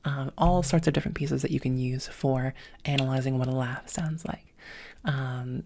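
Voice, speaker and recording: A woman teaching a voice lesson, with a thin, slightly smoky voice and a touch of vocal fry, talking methodically through each step. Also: rumbling low, fairly even intonation, moderate pace, darkish tone, a little hiss or hum. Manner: methodical, breaking sounds into parts, with many "um"s. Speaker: voice training coach. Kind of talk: instructional voice lesson.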